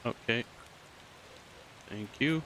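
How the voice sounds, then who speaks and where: A man's voice: medium pitch, very slow, a little hiss or hum, rough recording. A man chatting casually over voice chat, talking through what he is doing in a driving game. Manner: relaxed, narrates his own moves. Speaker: game player.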